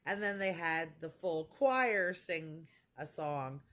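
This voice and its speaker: A woman's voice: sits low, animated, slow pace, fairly bright tone. A woman in her forties telling a rambling, gushing story in casual vlog chat, full of fillers. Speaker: crafting vlogger.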